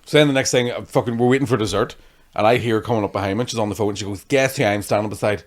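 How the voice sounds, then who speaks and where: A man's voice: fairly low pitch, rapid-fire. A young man chatting on a podcast, swearing freely and acting out people in his stories. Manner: swears constantly, acts out hecklers in animated storytelling. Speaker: comedian guest. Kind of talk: casual podcast chat.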